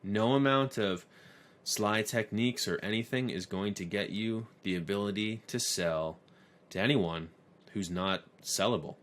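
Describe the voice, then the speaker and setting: A man's voice: fairly low pitch, a little slow, a bit bright. A man teaching an online course lesson, telling stories in a conversational way. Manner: conversational storyteller. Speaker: course instructor.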